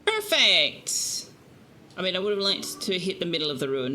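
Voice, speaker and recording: Chatty woman streamer, bright voice. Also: lowish voice, big pitch swings, moderate pace, soft background music. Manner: chatty, teasing, talks to her cat in baby talk. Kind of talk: casual live-stream gaming chat.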